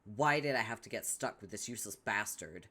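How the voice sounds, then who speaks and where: A man's voice: fairly low pitch, animated, brisk, pushed and bright. A man voicing a bossy, cruel young troll girl who sneers and scolds in a comic read-along. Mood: scolding.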